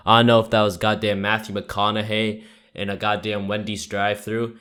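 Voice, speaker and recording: Deep-voiced young man rambling through stories. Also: flat delivery, normal speed, fairly bright tone, clear, resonant tone. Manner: rambling, profane, full of "like" fillers. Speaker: YouTuber. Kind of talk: casual storytelling vlog.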